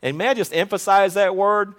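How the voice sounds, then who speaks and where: A man preaching a sermon to his congregation, talking conversationally and building to urgent exhortation. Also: a little fast. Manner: retells a story in a low, quiet voice. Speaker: pastor.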